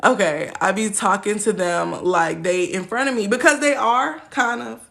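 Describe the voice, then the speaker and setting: Woman in her twenties, gravelly fry, easygoing slangy teacher chatting to a live audience. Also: medium pitch, normal speed, fairly bright tone. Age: 20s. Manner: loose and slangy, laughs often, acts out quoted voices. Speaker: spiritual teacher on a livestream. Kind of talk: casual livestream teaching chat.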